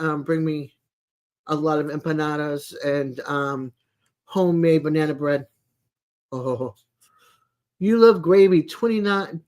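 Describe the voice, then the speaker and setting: An adult live streamer in casual, rambling chat, greeting viewers by name and making homey small talk with plenty of fillers. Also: mid-range voice. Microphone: home streaming mic, no camera.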